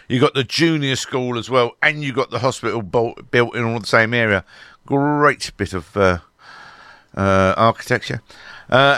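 A man's voice: medium pitch, sharp tone, smooth, no echo, clean studio sound. A man presenting on local radio, rambling and jokey with lots of fillers as he runs through the schedule and traffic. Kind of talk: casual radio chat and traffic report.

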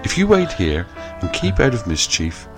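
A man's voice: sits low, wildly swooping pitch, moderate pace. A man voicing a grown man in a storybook parody, coaxing in a sing-song delivery. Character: bossy grown man promising a treat. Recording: music playing under the voice.

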